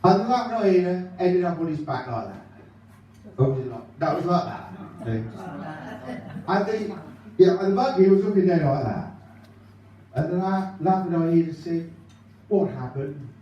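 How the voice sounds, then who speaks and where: A man's voice: high voice, expressive, normal speed, long pauses, highs cut off. A man doing an impression of a nervous, giggly male stand-up comedian who rambles through his jokes at a live show. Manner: nervous laughing, rambling gag delivery. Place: live concert venue. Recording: echoey hall mic from far off.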